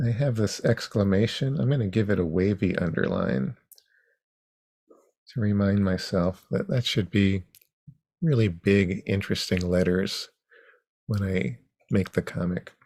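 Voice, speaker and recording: A man guides an online comics class over a video call at an unhurried, halting pace. His voice sits low with a gravelly edge. The sound is close and dry. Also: a little mellow, no room sound. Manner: unhurried, halting with frequent ums. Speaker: comics workshop instructor. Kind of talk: teaching an online workshop.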